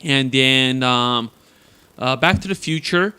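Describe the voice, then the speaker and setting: A man's voice: medium pitch, slow pace, sharp tone, smooth. A man from California's San Fernando Valley, co-hosting a casual podcast and telling stories with many fillers. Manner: chatty storyteller, many fillers. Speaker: podcast co-host. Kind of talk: casual chat.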